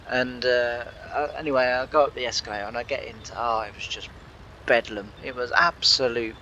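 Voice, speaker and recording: A man's voice: mid-range voice, fairly even intonation, brisk, bright, forceful tone, highs cut off, slight background noise. A tired man telling a rambling, exasperated story in a casual way. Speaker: gaming channel host.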